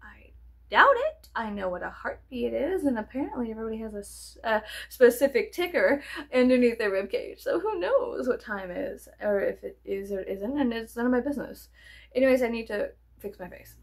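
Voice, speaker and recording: Fairly high-pitched but darkish in tone, her creaky voice moves quickly with lively intonation. This young vlogger rambles to camera in a playful, foul-mouthed way, sinking into near whispers one moment and squealing the next.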